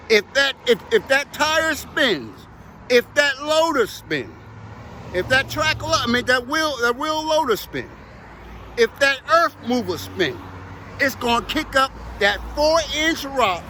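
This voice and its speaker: Guy running heavy machines, swears nonstop, high bright voice, rambles on outside by the road. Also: a little hiss or hum. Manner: profane, emphatic, rambling. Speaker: heavy equipment operator. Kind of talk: casual storytelling to camera.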